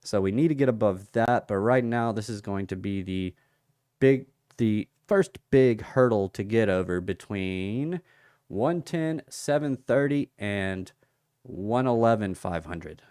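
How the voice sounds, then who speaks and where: Speaking slowly and taking his time, a man hosts a relaxed crypto livestream of casual chart analysis. His voice is lowish, smooth and clear; he chats, greets viewers by name, reads their comments, and muses aloud about price levels. The audio is dry and close, without any echo or room sound.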